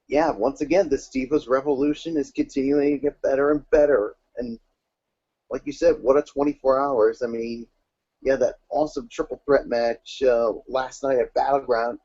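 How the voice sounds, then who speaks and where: Male co-host, mellow dark voice, easygoing and hesitant, dry muffled recording. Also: mid-range voice, slightly rough, no echo. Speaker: podcast co-host. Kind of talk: casual wrestling recap chat.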